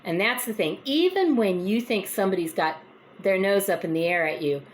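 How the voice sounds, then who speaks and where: Folksy woman host, chatty storytelling, mid-pitched voice, faint hiss behind. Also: moderate pace. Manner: chatty, folksy, animated when retelling. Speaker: host of a faith encouragement vlog. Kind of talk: casual storytelling talk.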